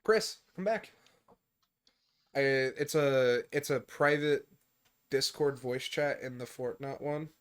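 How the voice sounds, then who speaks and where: Speaking slowly with frequent pauses, a podcast host with a clean, mid-range voice shares work stories in casual chat from a room at home on voice chat. He swears freely and animatedly acts out the people in them.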